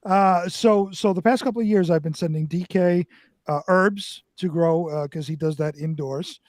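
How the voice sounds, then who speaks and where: A man's voice: sits high, normal speed, a little mellow, no room sound. A man co-hosting a live show, rambling casually and swearing. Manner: rambling, profane. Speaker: co-host. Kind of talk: casual banter.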